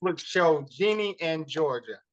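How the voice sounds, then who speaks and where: A man co-hosting a casual movie podcast, animated and often laughing. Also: fairly high pitch, normal speed. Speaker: podcast co-host. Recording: dull lo-fi podcast audio.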